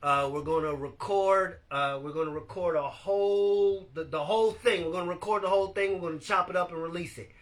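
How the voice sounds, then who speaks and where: A man hosting a casual live-stream podcast, animated and laughing as he talks to his viewers. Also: high-pitched, a little fast, hardly any pauses. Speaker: podcast host.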